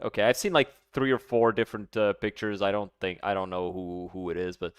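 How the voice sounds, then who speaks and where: A man's voice: lowish voice, steady tone, smooth, no room sound, clean studio sound. A man streaming a reaction, talking casually with incredulous, profane mockery. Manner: incredulous, profane, quick to mock.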